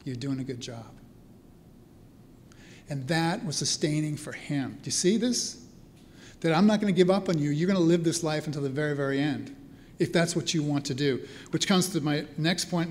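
There's slight background noise as a man with a little high, a little fast, somewhat mellow voice tells stories to a live audience. A priest and spiritual care teacher, he keeps it chatty at this church hall event and checks in with listeners often.

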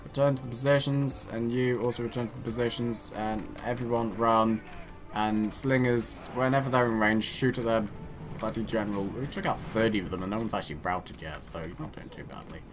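This gaming channel host talks to his units as he plays a strategy game, offering rambling, self-mocking let's play commentary. He speaks briskly in a fairly low voice with fairly even intonation, over background music.

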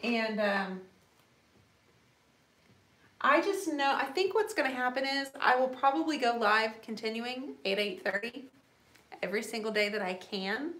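A woman with a fairly high voice hosts a live painting tutorial from her home studio, and her voice rings in an echoey room. She chats easily and laughs often. She breaks off with quick apologetic asides as she paints. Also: lively intonation, fairly bright tone. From United States.

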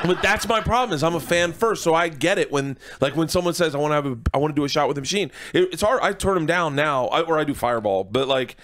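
Excitable rambling male comedian. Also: fairly high pitch, quick pace, hardly any pauses, slight background noise. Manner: rambling, excitable, restarts often. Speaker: comedian guest. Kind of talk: casual interview storytelling. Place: radio studio.

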